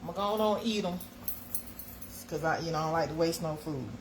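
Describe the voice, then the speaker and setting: A woman's voice: low-pitched, fast talker, noisy background. A woman hosting a casual livestream, chatting folksily with her viewers while she makes breakfast. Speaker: livestream host.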